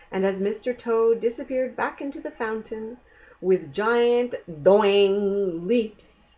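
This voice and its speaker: A woman reading a picture book aloud to children, gentle and asking the listener questions. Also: medium pitch. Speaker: storyteller.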